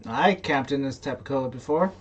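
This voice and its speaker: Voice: mid-range voice, normal speed, dull audio, slight background noise. A game dubber reading a game's text aloud with chatty, playful asides.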